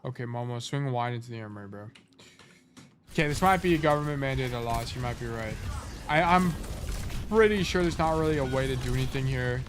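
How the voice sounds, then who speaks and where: A man's voice: mid-range voice, background noise. Laid-back man coaching over a game replay. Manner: thinks aloud, trails off and corrects himself. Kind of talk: casual live-stream coaching commentary.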